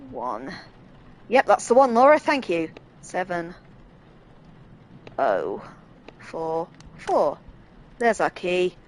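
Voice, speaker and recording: A woman with a lowish voice talks her way through a horror game, chatty and self-deprecating as she thinks aloud. A faint hiss of background noise sits behind her desk mic. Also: poor audio. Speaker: let's play host. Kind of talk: casual gameplay commentary.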